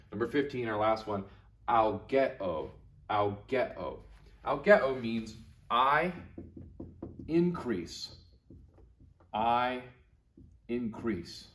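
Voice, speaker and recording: A man teaching a recorded video lesson to young students, patient and encouraging, repeating each word slowly. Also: mid-range voice, fairly bright tone. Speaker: Latin teacher.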